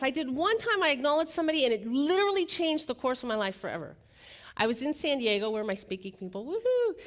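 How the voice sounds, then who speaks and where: A woman giving a motivational keynote speech, telling a playful story to an audience. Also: sits high.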